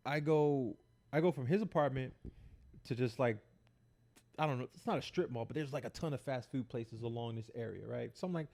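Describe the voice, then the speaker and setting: A man co-hosting a podcast, telling stories in a casual, animated, profane way and acting out the dialogue in them. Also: medium pitch, fairly quick, gravelly. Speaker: podcast co-host.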